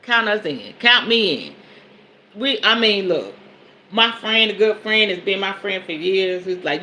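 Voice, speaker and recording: A woman in her forties, a podcast host and spiritual advisor, reads self-help passages aloud and then preaches on them. Her mid-range voice is bright, forceful and expressive, her manner emphatic and colloquial at a moderate pace, with faint noise behind her.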